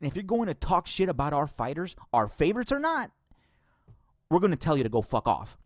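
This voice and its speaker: Man, podcast host, profane angry rant, sarcastic laughs, slightly high voice, dry sound. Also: big pitch swings, fairly quick, dry recording. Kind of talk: ranting podcast commentary.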